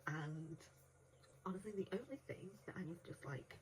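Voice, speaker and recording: A woman's voice: lowish voice, lively intonation, moderate pace, rough recording. A woman giving a casual audiobook review in a chatty way, laughing often and acting out quotes in between. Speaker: book reviewer.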